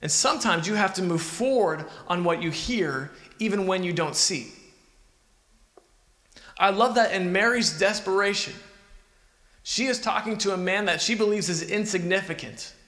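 In a reverberant hall, a pastor preaches at normal speed, his voice sitting high with a fairly bright tone. His style is earnest and conversational, and he puts questions to those listening.

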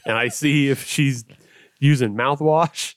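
A jokey, profane man spinning animated bits in casual podcast chat, his pitch sitting in the middle. The mic is close and dry, with no room around him. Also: slow pace, dry recording. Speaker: podcast co-host.

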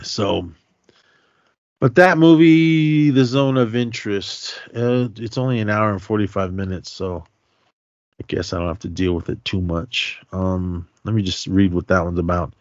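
A man's voice: fairly low pitch, a little slow, dry recording. A man hosting a podcast, casually recapping films in a loose, chatty way with lots of fillers and slang. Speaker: podcast host. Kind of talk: casual movie recap chat. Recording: dull lo-fi, dry sound.

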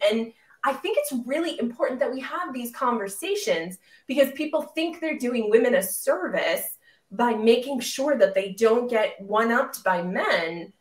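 A woman hosting a podcast, her fairly high voice animated and opinionated as she restarts points with repeated words. The sound is roomy and she sits somewhat back from the mic. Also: measured pace, recorded from a distance. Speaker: podcast host. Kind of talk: conversational podcast interview.

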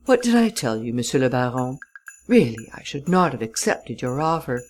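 A woman voicing a calm, self-assured male French detective who speaks in a dry, unhurried, teasing way. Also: extremely low pitch.

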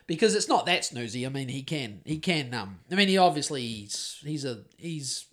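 A man with a New Zealand accent co-hosts a casual podcast, sitting at a middle pitch. He rambles and swears freely with a sardonic edge, often trailing off mid-thought and circling back to start his point again. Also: expressive, normal speed. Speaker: podcast co-host.

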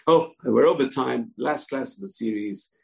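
A man's voice: mid-range voice, moderate pace, creaky, darkish tone, rough recording. A man teaching a Torah class. He speaks earnestly, mixing Hebrew phrases into his lecture, with frequent fillers. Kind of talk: religious lecture.

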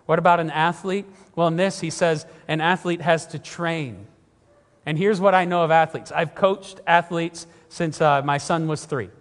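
Middle-aged male pastor, emphatic sermon delivery, high pitch, long hall reverb. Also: normal speed. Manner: earnest, emphatic preaching, often repeats himself.

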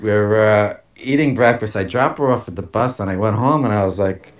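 A podcast host with a fairly low voice casually tells a personal story at a moderate pace, swearing freely and laughing as he talks. A crowd can be heard in the background.

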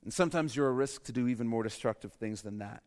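A male pastor giving a sermon in an animated way, with humorous asides and bursts of loud emphasis. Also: mid-range voice, fast talker, long reverb tail.

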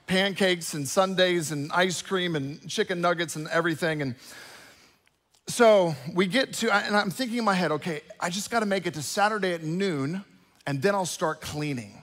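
A man in his thirties preaching a sermon to a congregation, talking casually and telling animated stories with frequent asides to the listeners. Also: high-pitched, normal speed. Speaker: pastor. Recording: long hall reverb.

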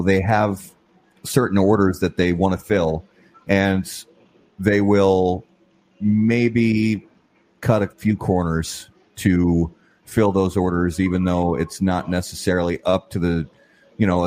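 A man's voice: low voice, darkish tone. A man hosting a podcast, chatting casually in a rambling way with many fillers. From lives in Minnesota, not born there. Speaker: podcast host. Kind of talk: casual interview chat.

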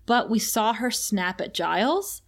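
A woman's voice: medium pitch, a little slow, creaky, slight background noise. Chatty woman recapping with laughs. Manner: animated, laughs often, acts out quotes. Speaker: podcast co-host. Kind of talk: casual recap chat.

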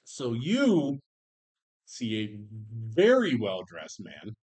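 A man narrating a tabletop role-playing game as game master, animated and quick to laugh. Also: medium pitch.

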